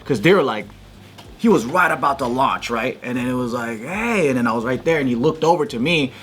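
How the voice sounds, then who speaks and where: A man co-hosting a casual podcast, telling a story in an animated way, swearing freely and acting out the shouts. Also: medium pitch, fairly quick, slight background noise. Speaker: podcast co-host.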